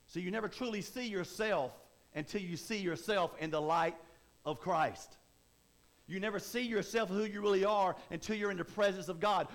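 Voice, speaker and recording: A man preaching a sermon in a conversational way, often repeating and restarting words. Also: a little high. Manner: repetitive, stammering restarts, conversational.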